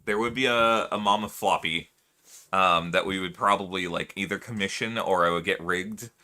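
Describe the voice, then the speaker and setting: A man's voice: low-pitched, normal speed, sharp tone. A man streaming live, chatting casually with his viewers, laughing often and musing aloud.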